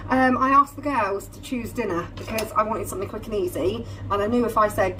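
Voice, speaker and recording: A woman with a mid-range voice talks a little fast over a noisy background. Inside a car that may be parked or moving, this family vlogger chats cheerfully to the camera on a phone in a holder, occasionally turning to her kids.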